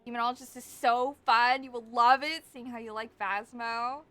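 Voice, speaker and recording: A woman's voice: a little high, steady tone, normal speed, bright, forceful tone, soft background music. A young woman streaming a game, reading its text aloud and chatting with viewers, swearing now and then. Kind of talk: casual game-reading and chat.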